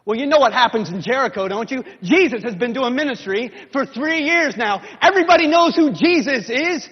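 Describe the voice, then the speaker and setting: A man with a very high, husky voice preaches a story sermon, acting out every scene with a sweep from hushed whispers up to shouts. The recording is dull and lo-fi, carrying the long reverb of a large hall. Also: lively intonation, brisk.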